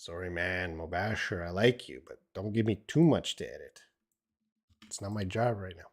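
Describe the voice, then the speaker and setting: Blunt, lower-voiced male English teacher. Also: moderate pace. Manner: blunt, opinionated, teasing. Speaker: English teacher hosting a live stream. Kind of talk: live-stream Q&A lesson. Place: at home.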